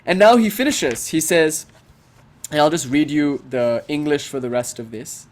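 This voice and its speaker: Guy teaching philosophy, kinda high voice, jokey and emphatic. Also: normal speed. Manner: playful, joking asides, emphatic. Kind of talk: casual spoken lecture.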